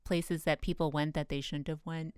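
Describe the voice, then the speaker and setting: Woman on a podcast, smooth clear voice, dry close sound, chatty and quippy. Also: sits low, flat delivery, moderate pace, darkish tone, no echo. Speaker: podcast co-host. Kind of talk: casual chat.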